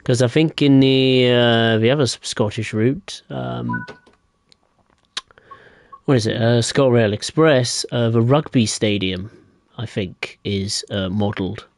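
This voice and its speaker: A man's voice: medium pitch, slow pace, no room sound. A young man live-streaming a train game, chatting casually and answering viewers in a rambling way. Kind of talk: live gameplay commentary.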